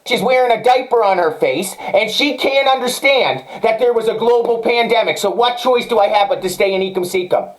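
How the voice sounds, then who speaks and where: Male podcast host, high-pitched, furious profane solo rant. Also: rough recording. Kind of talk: angry solo commentary.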